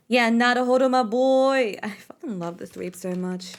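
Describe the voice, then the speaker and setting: A woman's voice: on the high side, moderate pace. A woman game streamer in casual live-stream chat, rambling with frequent swearing and fillers.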